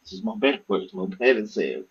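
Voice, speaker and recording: A man talks casually and profanely as a podcast guest, acting out the voices of people in his stories. His voice is husky and moves all over the place in pitch. The recording sounds dull and lo-fi. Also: a little fast. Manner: animated, profane, acts out quoted speech. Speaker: author guest. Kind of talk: casual storytelling interview.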